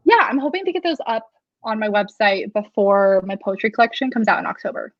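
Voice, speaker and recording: A young woman in her twenties, an author hosting a casual release-day chat, talking fast and loosely with many fillers. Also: medium pitch, lively intonation, dry recording, muffled recording.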